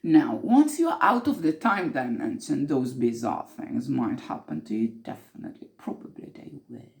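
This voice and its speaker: A woman's voice: very deep voice, very animated, normal speed, vocal fry, darkish tone, full character voice. A woman playing an earnest mystic who tells of time slips in an improvised monologue, intense and repeating herself for emphasis.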